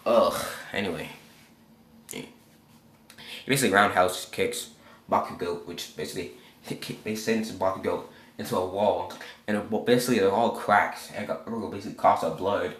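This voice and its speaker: Low-ish guy rambling thru a fan story, swears a lot, echoey room. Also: fairly even intonation, moderate pace. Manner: rambling, leans on "basically" and swearing. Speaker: channel host. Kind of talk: casual retelling of a fan story. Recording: roomy echo.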